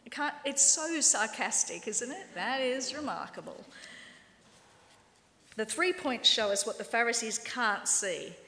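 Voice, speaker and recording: A woman preaching a lively, wry sermon and acting out quoted voices. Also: on the high side, normal speed, few pauses, a little hiss or hum. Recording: echoey hall with long reverb.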